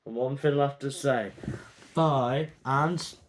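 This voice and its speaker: Speaking slowly at a medium pitch, a man offers casual, opinionated grades of football merchandise to camera, his vlog peppered with ums. A slight hiss or hum is audible.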